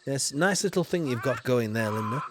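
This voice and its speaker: A man with a Yorkshire accent streaming a game, chatting in a playful, mock-posh way and loudly greeting viewers. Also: medium pitch, animated, normal speed, background noise. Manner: playful, mock-posh, swings between loud greetings and mumbles. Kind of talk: comedic game livestream commentary.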